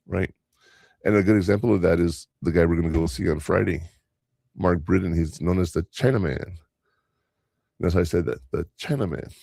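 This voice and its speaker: A man's voice: sits low, moderate pace, vocal fry, long pauses, mellow, dry recording, clean studio sound. An older man hosting a podcast in casual chat, rambling through stories and acting out other people's lines. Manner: rambling storyteller, quoting others in voices. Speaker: podcast host.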